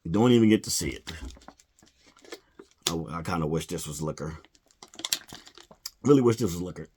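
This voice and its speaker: A man with a lowish voice rants casually about a film, sounding exasperated and sighing often. He drops into mumbled little impressions of the characters as he recaps. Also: lively intonation, moderate pace, background noise. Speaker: movie reviewer.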